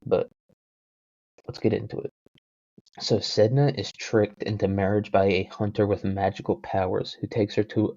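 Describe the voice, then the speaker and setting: A man's voice: lowish voice, vocal fry, warm tone, no room sound. A man hosting a podcast who rambles casually and jokes, often putting himself down. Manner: joking, self-deprecating, full of fillers. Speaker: podcast host. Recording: dull lo-fi home mic.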